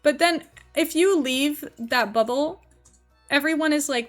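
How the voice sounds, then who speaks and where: A woman's voice: high-pitched, a little slow, fairly bright tone, soft background music. A young Dutch-born woman streamer with a mixed American-British accent, chatting casually in a rambling way with lots of fillers. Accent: mixed Dutch-born English, partly American, partly British. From Netherlands. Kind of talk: casual chat while game streaming.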